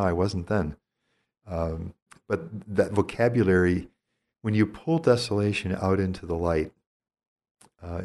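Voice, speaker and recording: A man's voice: deep voice, darkish tone. A middle-aged man, a priest, giving a reflective spiritual teaching talk and reading aloud from his own journal.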